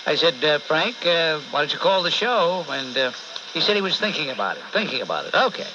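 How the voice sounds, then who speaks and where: A man's voice: on the high side, big pitch swings, brisk. A man hosting a call-in radio show, blunt and sarcastic, berating and cutting off callers, with a New York accent. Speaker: talk radio host. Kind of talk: combative call-in radio talk. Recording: dull AM radio broadcast with faint hiss.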